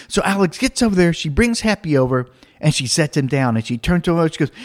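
A man telling a comic personal anecdote, animated, acting out the other people's voices and laughing as he goes. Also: a little high, fast. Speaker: storyteller.

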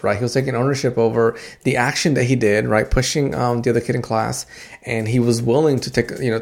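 A man in his thirties hosts a podcast in a casual storytelling way. He talks at a middle pitch with a gravelly edge. He keeps restarting and filling pauses as he goes. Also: darkish tone. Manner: chatty, many fillers and restarts, laughs at himself. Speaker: podcast host.

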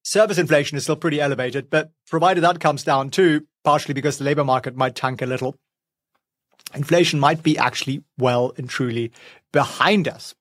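A man's voice: a little high, a little fast, a bit bright, no room sound, clean studio sound. Wry, chatty man talking markets. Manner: wry, chatty, sarcastic asides. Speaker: finance vlogger. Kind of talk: casual market commentary. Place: home, with a pet nearby.

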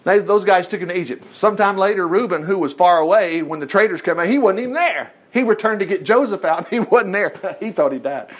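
A male preacher retelling a Bible story in a sermon, folksy and animated with joking asides. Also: sits high, fairly quick, few pauses.

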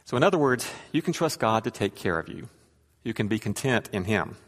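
A man's voice: lowish voice, sing-song, fairly quick, long reverb tail. A man giving a sermon in a conversational, wry way, with scripture reading and asides. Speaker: preacher.

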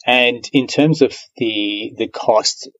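A man's voice: medium pitch, slow, a bit bright. Aussie guy hosting a podcast, chatty and matey, lots of uh's, kinda muffled lo-fi sound. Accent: Australian. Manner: friendly, matey, frequent "uh" fillers. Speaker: podcast host. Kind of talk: casual interview chat.

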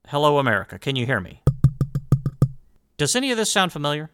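A man's voice: a little high, sing-song, quick pace, long pauses, sharp tone, faint music behind. A man hosting a history commentary monologue, emphatic and rhetorical, who addresses his listeners directly and throws in sarcastic asides. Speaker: host.

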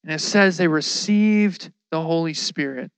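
A man giving a casual, lively sermon, telling the story with slang and acting out the people in it. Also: a little high, measured pace, smooth, no room sound.

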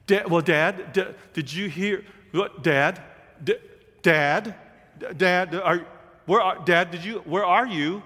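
A man's voice: sits high, slow pace, sharp tone, pitched above the performer's own voice, exaggerated voice. Man doing a scared stammering boy, raised voice, echoing hall. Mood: anxious. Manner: stammering, anxious. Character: scared, anxious young boy in the dark. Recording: long hall reverb.

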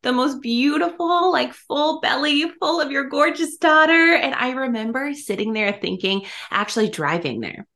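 A woman's voice: high voice, expressive, moderate pace, hardly any pauses, fairly bright tone. A woman being interviewed as a podcast guest. She talks in an effusive, casual way and laughs often.

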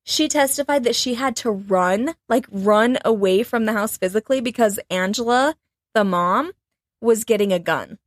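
A woman's voice: on the high side, normal speed, dry recording. A woman hosting a podcast, casually retelling a true-crime case with lots of "like" and trailing phrases.

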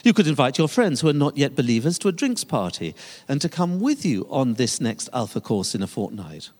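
A man's voice: mid-range voice, sing-song, fairly quick, a little mellow. An older man, a pastor, preaching a sermon with emphatic, rising and falling delivery. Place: church sanctuary. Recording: long reverb of a large church hall.

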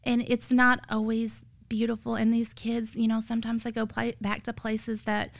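A woman in her thirties with a drawl and a fairly high, gravelly voice. She speaks as a tired foster mother giving a heartfelt testimony, earnest and emotional, building to emphatic peaks. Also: completely flat delivery, moderate pace.

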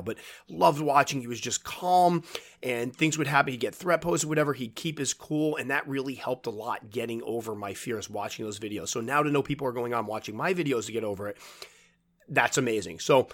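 A man who keeps tarantulas, talking casually to his viewers and giving advice in a relaxed, rambling way, with restarts and asides. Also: medium pitch. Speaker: tarantula keeper and video host. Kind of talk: casual advice talk to camera.

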